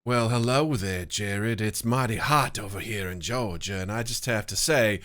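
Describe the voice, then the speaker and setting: Man doing a Southern belle, drawling, coaxing, low and slow. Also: a bit bright, lightly acted. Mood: flirty. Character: flirty Southern belle woman offering iced tea.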